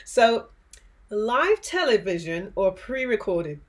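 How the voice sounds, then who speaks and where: A woman in her forties hosts a relaxed interview, upbeat and encouraging with her guest. Her voice sits at a middle pitch for a woman and stays friendly as she wraps up for viewers. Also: takes it slowly. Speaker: interview host. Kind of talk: casual interview and sign-off to viewers.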